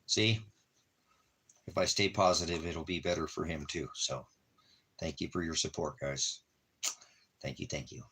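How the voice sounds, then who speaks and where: A man talking softly to his dog in doting, repetitive baby talk, now and then addressing his viewers. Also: a bass voice, steady tone, measured pace, long pauses, husky. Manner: soft, doting baby talk with repeated phrases. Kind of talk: casual talk to a pet.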